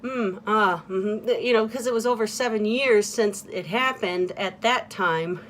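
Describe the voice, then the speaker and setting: A woman records a casual, confessional vlog, speaking candidly but haltingly, with plenty of fillers and restarts, often letting her sentences fade off quietly. Her voice sits on the high side, and there's slight background noise.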